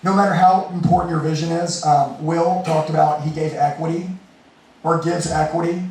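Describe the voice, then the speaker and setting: A man's voice: on the high side, steady tone, normal speed, darkish tone. A man giving a blunt, profane, fired-up motivational talk to a group at an indoor meetup. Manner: blunt and profane, rallying the room. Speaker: event host speaking to a group. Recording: echoey room, mic far off.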